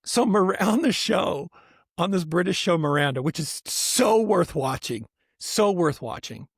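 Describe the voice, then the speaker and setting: A man co-hosts a casual podcast, telling stories in a rambling, animated way full of restarts. His voice sits a bit high. The sound is dry and close. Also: measured pace, gravelly, breathy edge, no echo. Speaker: podcast co-host. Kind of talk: casual chat.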